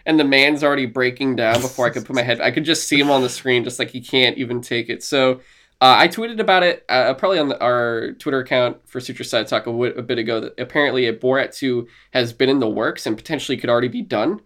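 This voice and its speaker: A man's voice: medium pitch, fast talker, fairly bright tone. A man in his twenties hosting a podcast in casual chat, rambling and laughing along with many fillers and restarts. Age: 20s. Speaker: podcast host.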